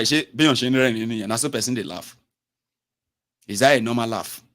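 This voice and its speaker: A man's voice: medium pitch, fairly bright tone. A Nigerian man hosting a solo radio broadcast. He talks casually and switches between English, Pidgin and Yoruba, and he acts out the listeners he quotes. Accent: Nigerian, Yoruba-speaking. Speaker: radio host.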